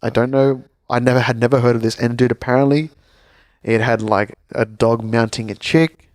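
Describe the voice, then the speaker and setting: A man's voice: mid-range voice, steady tone, moderate pace, a little mellow, no echo, clean studio sound. Laid-back Australian man, crude banter. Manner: crude, laughing banter with many fillers. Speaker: podcast co-host. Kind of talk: casual chat.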